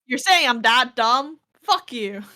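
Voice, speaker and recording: A young woman with a bright, ringing voice that sits a little high. She chats casually, blunt and sarcastic, and drops swear words while she argues. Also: animated, slow. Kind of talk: casual chat.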